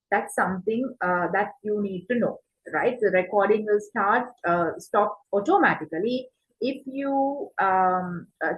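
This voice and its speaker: A woman's voice: on the high side, poor audio. A woman teacher giving an exam-prep lesson, explaining step by step, asking and answering her own questions and checking in with "right?" between points. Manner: frequent fillers and checks like "right?". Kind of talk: online class lecture.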